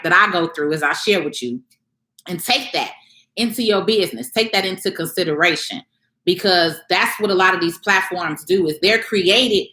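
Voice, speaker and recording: A woman coaching small business owners on a live stream, speaking with emphatic, conversational energy and often checking that her listeners follow. Her voice is bright and forceful, and it rings in an echoey room. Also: medium pitch. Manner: emphatic, conversational, keeps asking "you get what I'm saying"; mocks others in raised playful voices.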